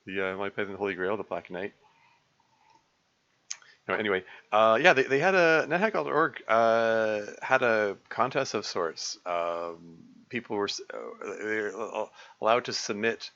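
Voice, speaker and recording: Halting low-voiced man streaming a game. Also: sharp tone, highs cut off. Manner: rambling, halting, many fillers and restarts, chuckling. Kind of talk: casual let's-play commentary.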